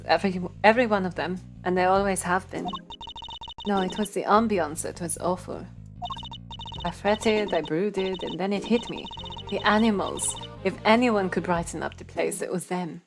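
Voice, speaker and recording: A woman's voice: fairly low pitch, natural voice. Woman doing a pompous doting warden lady, fake russian-ish accent, drawn out gushy delivery, game music. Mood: gushing. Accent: put-on vague Russian. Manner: theatrical, gushing, drawn-out.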